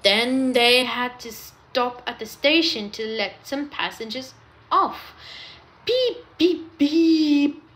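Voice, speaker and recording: A woman reading a children's story aloud in an expressive, animated way. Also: fairly high pitch, slow pace.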